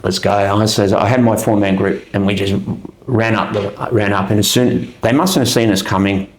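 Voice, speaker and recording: A middle-aged Australian army veteran, a guest telling a long story in a rambling, animated way with lots of fillers. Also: male voice, lowish voice, moderate pace, roomy sound, rough recording. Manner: rambling, animated retelling, with many fillers and restarts. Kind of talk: casual storytelling interview.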